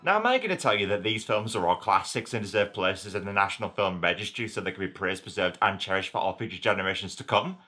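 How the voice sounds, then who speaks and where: A man's voice: low-pitched, expressive, quick pace, hardly any pauses, sharp tone, faint music behind. A man narrating a comedic TV review, sardonic and profane, often poking fun at himself. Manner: sardonic, profane, self-mocking.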